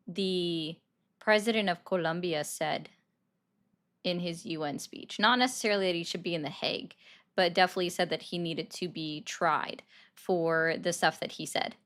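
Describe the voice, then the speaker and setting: A young woman with a lowish, somewhat bright voice hosts a casual political commentary livestream. She chats with viewers, reacts to their comments and takes calls.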